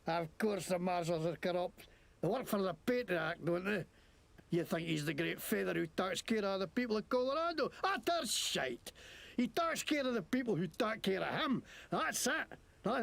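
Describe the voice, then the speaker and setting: A man's voice: sits high, big pitch swings, moderate pace, vocal fry, exaggerated voice. An actor playing a foul-mouthed, boastful Scottish man in a video game, mocking and cursing at lawmen with a Scottish accent. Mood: scornful. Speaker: game character.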